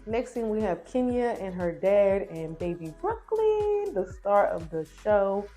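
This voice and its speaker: A woman casually recapping a reality TV episode, chatty and opinionated, retelling scenes quickly. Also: mid-range voice, sing-song, mellow, faint music behind.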